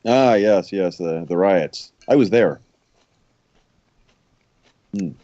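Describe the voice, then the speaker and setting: A man's voice: sits low, takes it slowly, warm tone, dry recording. A man playing a stammering courtly noble. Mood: flirting. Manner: stammering, courtly speech with many restarts. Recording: dull lo-fi mic.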